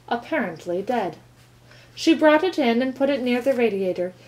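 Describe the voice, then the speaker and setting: A woman reading a children's novel aloud with calm, expressive storytelling. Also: a little high, rough recording. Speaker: reader.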